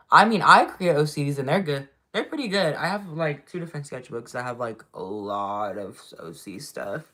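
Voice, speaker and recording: Low-voiced woman rambling to her chat. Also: fairly bright tone. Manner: rambling, filler-heavy, chats with viewers; repeats herself, trails off mid-sentence. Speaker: streamer. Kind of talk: casual live-stream chat.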